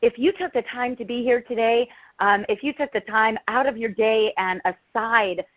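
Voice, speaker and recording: A woman's voice: fairly high pitch, normal speed, dry recording, highs cut off. A woman in her thirties from Texas, giving an effusive motivational talk on a team call, with lots of fillers. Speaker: guest speaker.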